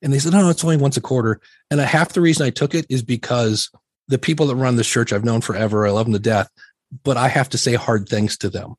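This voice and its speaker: Candid middle-aged man, husky voice. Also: medium pitch, fast talker, dry recording, studio quality. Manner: candid, self-deprecating storyteller with many restarts. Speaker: podcast guest. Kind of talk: casual interview chat.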